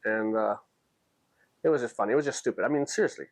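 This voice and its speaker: A man's voice: medium pitch, quick pace. A man casually telling a story to camera, animatedly acting out the dialogue. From United States. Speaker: vlogger.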